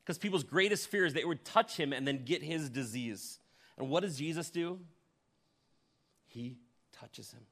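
A man with a fairly high voice preaching a sermon to his congregation. He paints the scene like a storyteller and throws questions to his listeners. His volume swings from strong emphasis down to hushed, almost whispered lines. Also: moderate pace. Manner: addresses the congregation directly with questions. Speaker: pastor.

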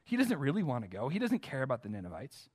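A man's voice: medium pitch, wildly swooping pitch, fast talker, a little mellow, breathy edge. An American man preaching a sermon, earnest and emphatic, often putting direct questions to his listeners. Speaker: pastor.

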